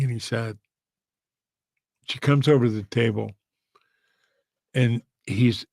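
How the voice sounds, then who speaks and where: A man's voice: medium pitch, vocal fry, dry recording. A man, a pastor, telling an emotional story in an earnest, heartfelt way. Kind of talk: storytelling sermon.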